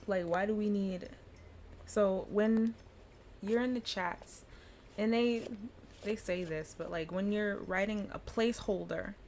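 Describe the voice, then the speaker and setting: A woman's voice: mid-range voice, slow, a little mellow, slight background noise. A woman giving a casual pronunciation lesson, chatty and loose, often breaking into laughter as she explains. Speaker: language teacher.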